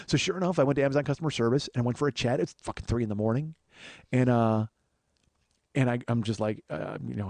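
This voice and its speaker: A man's voice: mid-range voice, quick pace, creaky, darkish tone, no room sound. A man hosting a podcast, telling a comedic story as a profane, exasperated rant. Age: 40s. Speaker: podcast host.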